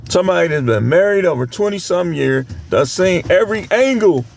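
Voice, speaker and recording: A man's voice: sits high, expressive, brisk, creaky. A middle-aged man giving blunt, scolding dating commentary, lecturing his viewers in a preachy way. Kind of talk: ranting commentary to camera.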